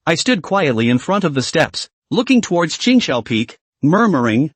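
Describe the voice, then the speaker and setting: A man narrates a first-person fantasy story recap with dramatic expression. His voice sits fairly high and moves widely in pitch. The recording is dry and close, with no room sound. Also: sing-song, moderate pace, few pauses, dry recording.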